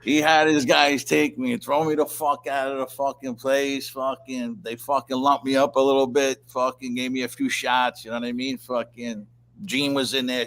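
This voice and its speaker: A man telling a long, rambling story in casual chat, swearing constantly and clearing his throat often. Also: mid-range voice, a bit bright. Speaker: interview guest.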